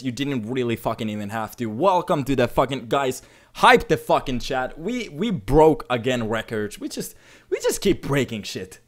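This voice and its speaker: A Finnish man with a mid-range voice is live streaming and reacting to donations. Overcome with emotion, he lurches between shouting and mumbling, swearing the whole time.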